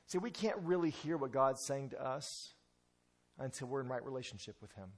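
A man's voice: mid-range voice, expressive, normal speed. A male pastor preaching a sermon in an emphatic way, often repeating words as he restarts.

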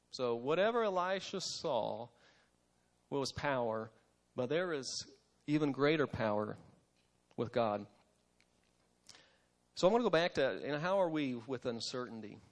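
A man's voice: medium pitch, creaky. A man giving a conversational devotional sermon, with frequent fillers and restarts.

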